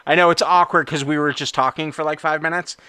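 A man's voice: fairly high pitch, steady tone, fast talker, pushed and bright, clear, resonant tone, no echo. A man hosting a podcast in casual, upbeat chat with plenty of fillers. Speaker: podcast host.

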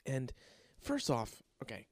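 Ranting young man, lively pitch. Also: no room sound. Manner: exasperated, profane, rapid-fire ranting. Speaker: bartender. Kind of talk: casual rant.

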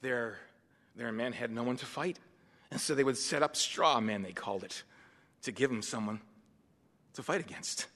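Bright-voiced preacher in a reverberant hall. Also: male voice, medium pitch, normal speed, long pauses. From Massachusetts, USA. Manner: animated, swings between hushed and loud. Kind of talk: sermon with personal storytelling. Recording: long reverb of a large hall.

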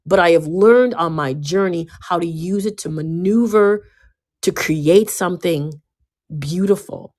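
Emphatic woman with a lowish voice. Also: measured pace. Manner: emphatic, often repeating and restarting words; swings between loud bursts and quiet, low asides. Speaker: speaker giving a self-help talk. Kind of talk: casual motivational talk.

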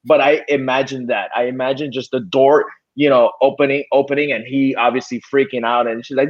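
A man's voice: medium pitch, fairly quick, few pauses. A man co-hosting a podcast, animatedly retelling a favorite scene and swearing freely. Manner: animated storytelling, swears freely, acts out quotes. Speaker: podcast co-host. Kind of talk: casual movie chat. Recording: dull lo-fi sound.

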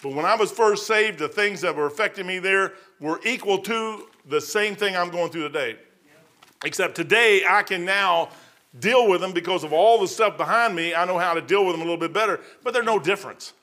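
A man's voice: high-pitched, pushed and bright. A man in his fifties or older giving an informal sermon as a preacher, rambling and conversational, losing his place in his notes and acting out the people in his stories. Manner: acts out the people in the stories with quick changes of voice.

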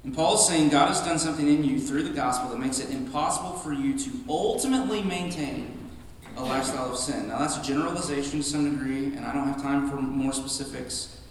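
A man's voice: mid-range voice, fairly quick, slight background noise. A male pastor preaching a sermon in a church, emphatic and conversational, often restarting his sentences. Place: church sanctuary. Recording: echoey hall from a distant mic.

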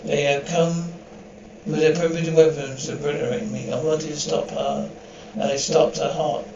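A detached, hyper-evolved man, as an actor plays him in an old TV drama, his fairly high voice held flat and level. He lectures calmly from some distance off. The soundtrack sounds dull and roomy, with a faint hiss behind it. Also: moderate pace, close to an everyday voice. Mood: cold. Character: coldly superior, hyper-evolved man, aloof and calm.

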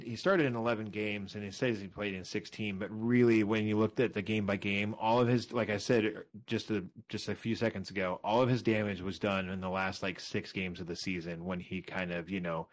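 A man's voice: fairly low pitch, steady tone, normal speed, few pauses. A man co-hosting a casual fantasy football podcast, rambling and correcting himself as he walks through numbers, a little tired. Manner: rambling, self-correcting, talks through stats. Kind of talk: casual chat.

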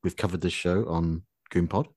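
A man hosting a podcast, talking in a measured, hesitant way with fillers. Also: low-pitched, fairly even intonation, darkish tone, dry recording, clean studio sound. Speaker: podcast host. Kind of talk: casual chat.

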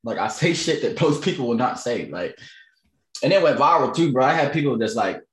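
A man's voice: medium pitch, expressive, fairly quick, roomy sound. A man in his thirties chatting casually as co-host, blunt and brash, swearing freely. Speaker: podcast co-host. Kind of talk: casual chat.

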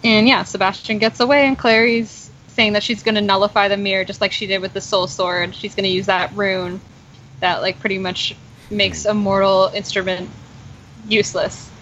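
A woman's voice: mid-range voice, flat delivery, moderate pace, fairly bright tone. A young woman hosting a podcast, recapping a TV episode in casual chat with lots of fillers. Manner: chatty, lots of "like" and "um". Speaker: podcast host. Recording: dull lo-fi sound with faint noise.

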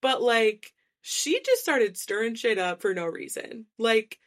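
A woman's voice: a little high, lively intonation, unhurried, fairly bright tone. Chatty woman gossiping about reality TV. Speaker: podcast co-host. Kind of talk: casual recap chat.

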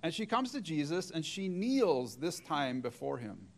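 A middle-aged male preacher delivers a sermon with a voice a touch higher than most men's. He tells the story step by step and slips into the voices of the people he quotes. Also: sing-song, unhurried, creaky.

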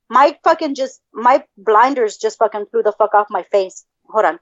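A woman's voice: medium pitch, expressive, a little slow, dry recording, highs cut off. A woman from El Paso co-hosting a podcast in casual chat, cursing freely and erupting in mock-outraged outbursts. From El Paso, Texas. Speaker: podcast co-host.

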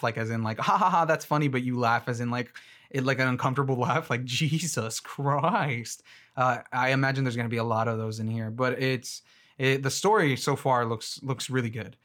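A man's voice: mid-range voice, fairly bright tone. Rambling young man reacting to trailers. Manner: rambling, lots of fillers, laughs easily. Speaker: movie commentator. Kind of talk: casual trailer-reaction commentary.

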